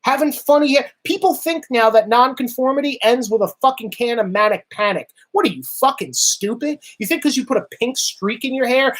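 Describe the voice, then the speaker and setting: A man with a very high voice hosts a livestream, talking fairly quickly with few pauses. He delivers a heated, profane political rant full of sarcasm, reading viewer comments as he goes and staying animated throughout.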